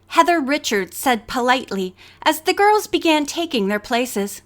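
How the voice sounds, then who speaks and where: High-voiced woman reading a mystery. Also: sing-song, normal speed, fairly bright tone. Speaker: audiobook narrator. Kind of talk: scripted narration.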